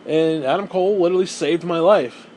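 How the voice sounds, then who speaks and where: A man's voice: fairly high pitch, fairly quick, a little mellow, slight background noise, low-quality recording. A man telling a rambling story in a casual rant to his viewers, repeating himself, swearing and laughing now and then. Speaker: gaming and wrestling video host.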